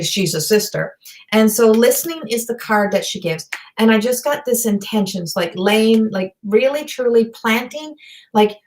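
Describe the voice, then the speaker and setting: A woman giving a live online psychic reading. She talks in a halting, rambling way, full of fillers and restarts, and passes on messages in a direct, earnest manner. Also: fairly high pitch. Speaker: psychic medium. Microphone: video call or webcam.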